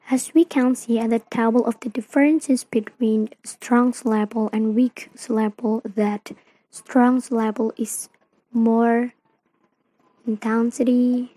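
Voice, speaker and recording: A young woman, a non-native speaker of English from Indonesia, slowly reads out a student presentation on phonetics, with grammar slips along the way. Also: fairly high pitch, dark tone, no room sound, poor audio. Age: young adult. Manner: slow careful reading with non-native grammar.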